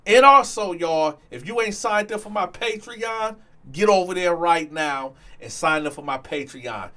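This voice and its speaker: A man hosting a storytime channel, talking straight to his viewers in an animated way, with frequent "y'all" and stammered restarts. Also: high-pitched, unhurried. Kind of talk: casual storytime monologue.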